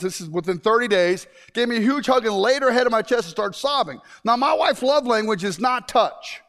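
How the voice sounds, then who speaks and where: High-voiced man preaching with sudden shouts. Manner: animated and joking, with sudden shouts and hushed asides. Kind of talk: sermon to a live congregation.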